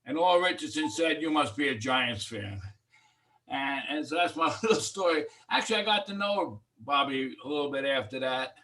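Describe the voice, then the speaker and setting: A man's voice: mid-range voice, expressive, moderate pace, bright, forceful tone. A man telling an easygoing story on a video call. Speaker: meeting participant. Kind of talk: casual Zoom talk. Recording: distant video call mic.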